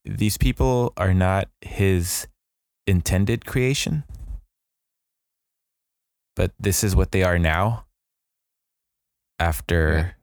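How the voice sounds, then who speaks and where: Slow gravelly man reasoning aloud. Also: low-pitched, dry recording, studio quality. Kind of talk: casual discussion of scripture.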